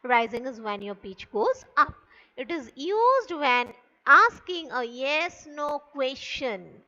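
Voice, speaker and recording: Slow, animated woman teacher explaining intonation. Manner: slow, deliberate, demonstrating pitch on example sentences. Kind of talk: classroom lecture on intonation. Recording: dull lo-fi recording.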